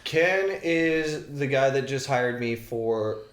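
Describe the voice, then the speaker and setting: A man telling his life stories as a podcast guest, animated and casual, swearing freely and acting out other people's lines. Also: medium pitch, slow pace. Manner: animated, swearing, acts out shouted quotes. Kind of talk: casual storytelling. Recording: roomy echo.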